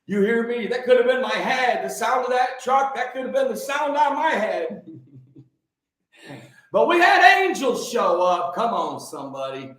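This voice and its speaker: Man, forties, high-pitched, excitable, preachy livestream host, very echoey room. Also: normal speed. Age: 40s. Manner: excitable, preachy, greets viewers by name, repeats phrases. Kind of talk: energetic livestream talk.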